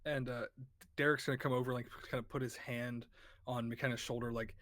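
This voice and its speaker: A man narrating a horror tabletop game as game master, casual and animated, swearing freely. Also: mid-range voice, fairly quick.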